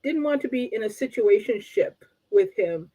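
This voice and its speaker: A woman from Canada co-hosting a relationship talk show, with a high voice that has a warm, mellow tone. She is wry and politely blunt, and laughs easily. Her audio sounds somewhat dull and lo-fi. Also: lively intonation, moderate pace. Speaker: co-host and coach.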